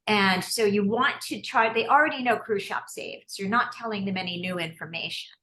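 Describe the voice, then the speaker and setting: A woman leads a business coaching session over a video call, talking in a quick, chatty way that keeps breaking off and restarting. Her voice is bright and forceful, and it carries an echo from the room she is in. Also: mid-range voice. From United States. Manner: quick, chatty, self-interrupting, encouraging.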